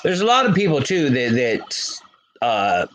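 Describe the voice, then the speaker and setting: A man's voice: mid-range voice, big pitch swings, a little slow, fairly bright tone, a little hiss or hum, poor audio. A man hosting a casual livestream, chatting with viewers by name and laughing often. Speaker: livestream host.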